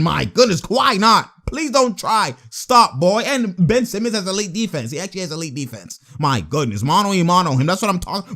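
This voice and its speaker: A high-pitched man gives a live reaction commentary on game footage, his voice leaping all over the place. He talks casual and slang-heavy, laughs often and shouts at bad calls. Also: moderate pace. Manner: excitable, laughing often, yelling at referee calls. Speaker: sports reaction video host.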